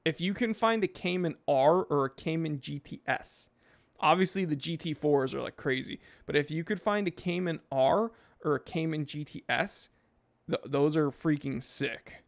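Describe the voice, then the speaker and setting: Excitable rambling man on a podcast. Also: on the high side, moderate pace, vocal fry. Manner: rambling, excitable, laid-back slang. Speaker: podcast host reading chat. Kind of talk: casual chat.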